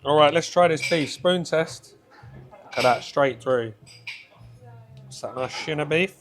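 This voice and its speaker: A man's voice: fairly high pitch, a little slow. Upbeat British man talking to camera. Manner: upbeat, chatty, talks to camera. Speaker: food vlogger host. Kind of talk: casual food vlog.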